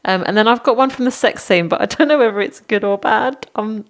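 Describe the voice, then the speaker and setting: A woman's voice: mid-range voice, brisk. A woman co-hosting a casual podcast about bad movies at home, giggly and blunt. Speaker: podcast co-host. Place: home, dog in the room.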